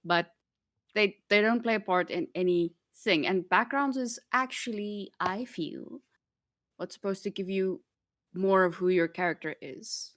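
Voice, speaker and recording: A woman's voice: medium pitch, unhurried, a bit bright. A woman chatting casually about a tabletop game. She laughs a lot, teases the others and makes her points with emphasis. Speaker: podcast regular. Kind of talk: casual gaming chat.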